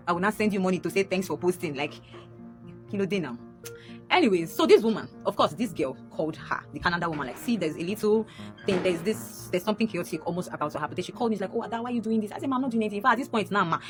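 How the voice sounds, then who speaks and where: A young Nigerian woman races through an emotional personal story in a fairly low voice. She repeats lines and jumps up in pitch when frustrated. Music plays clearly underneath her. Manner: animated, rising sharply when upset, repeating lines.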